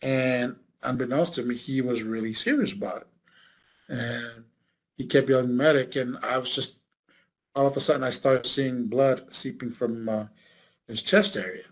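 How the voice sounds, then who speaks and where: A man tells his own war memories in an oral history interview. His voice is husky and his pitch sits in an ordinary middle range. He pauses often, fills the gaps and restarts his sentences. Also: steady tone, rough recording. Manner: halting, many fillers and restarts. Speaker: veteran recounting service.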